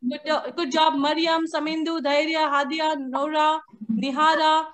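A young woman with a high voice and little pitch movement teaches a live online phonics class to young children, speaking a little slowly. She's sing-song and coaxing, full of praise and endearments, picked up by a computer or headset mic on a video call.

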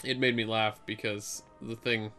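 A man's voice: lowish voice, flat delivery, measured pace, pushed and bright, faint music behind. A man hosting a let's play, chatting casually while he plays and rambling through stories with lots of fillers. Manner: rambling, filler-heavy storytelling. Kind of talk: casual gameplay chat.

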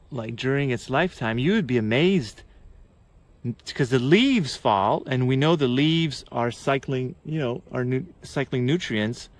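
A man from Quebec, speaking English with a Quebecois French accent, hosts a casual gardening explainer. His pitch sits in an ordinary middle range. He talks in a chatty, meandering way, full of fillers and restarts. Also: no room sound. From Quebec, Canada. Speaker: gardening channel host.

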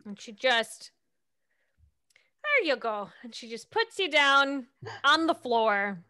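A woman's voice: high voice, expressive, unhurried, sharp tone, clean tone. A woman narrating a tabletop game as its game master, playful and amused.

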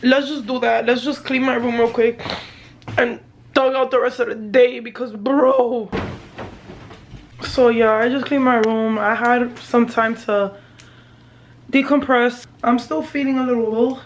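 High-voiced young woman vlogging, chatty. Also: fairly even intonation, a little slow, slight background noise. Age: young adult. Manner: chatty, slangy, addresses viewers as y'all. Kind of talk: casual vlog chat to camera. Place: bedroom at home.

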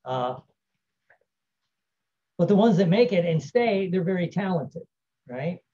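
A man's voice: high-pitched, lively intonation, takes it slowly, mellow, lo-fi sound. A man giving a casual self-help talk, rambling and often tagging his points with "right?". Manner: rambling, frequent "right?" tag questions. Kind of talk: casual teaching monologue.

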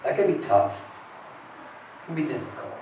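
A man's voice: mid-range voice, sing-song, moderate pace, warm tone, a little hiss or hum. A man preaching a sermon as pastor, earnest and rising to emphatic peaks as he reads scripture aloud. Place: church sanctuary. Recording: echoey hall from far off.

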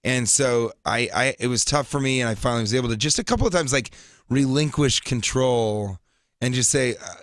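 A male comedian guesting on a radio show, telling stories in a rambling, animated way. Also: medium pitch, a little fast, no echo, clean studio sound. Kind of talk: casual radio interview. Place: radio studio.

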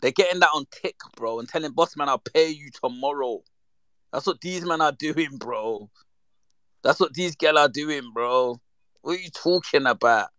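A man, chatting casually and reminiscing with lively slang, acting out the voices in his stories. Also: on the high side, moderate pace, clear, resonant tone, dry recording. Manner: animated, slangy, acts out quoted voices. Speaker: storyteller.

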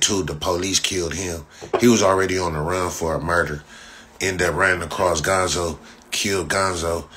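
A low-pitched, bright and forceful male voice comes through with a little hiss or hum. It belongs to a young livestream host from Inglewood, Los Angeles, who rants casually, profanely and boastfully, repeating himself and often laughing.

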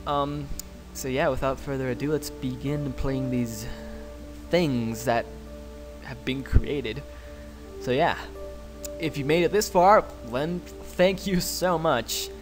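A man hosting let's play commentary, excitable, cursing freely and yelping when startled. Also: medium pitch, slow pace, over music. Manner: excitable, swears a lot, yelps when startled. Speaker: gaming channel host.

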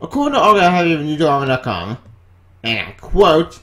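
A man hosting a vlog, ranting in exasperation and jumping between low mutters and sudden high outbursts. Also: sing-song, moderate pace, bright, forceful tone. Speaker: comic book vlogger.

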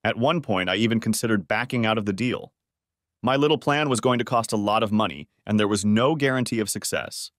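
A man's voice: fairly low pitch, brisk, fairly bright tone, no room sound, studio quality. A man narrating a first-person story in an earnest audiobook style.

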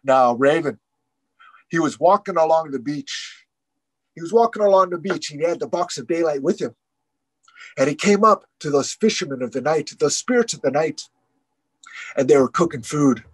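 A male storyteller with a fairly high voice, telling a traditional tale in rhythmic, repeating phrases. The sound is dry and close, with no room around it. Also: animated, moderate pace, pauses often, slightly rough, no room sound, rough recording. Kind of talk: oral storytelling.

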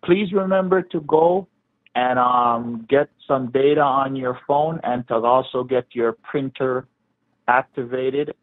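A man's voice: mid-range voice, slow pace, no echo. A man on a phone call, speaking politely and reassuringly with hesitant fillers, addressing the other as sir. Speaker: phone scammer. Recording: tinny dry phone line.

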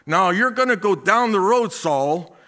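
A male pastor preaching a sermon, slow and drawn out, with emphatic swells and folksy asides. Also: sits high, expressive, pushed and bright.

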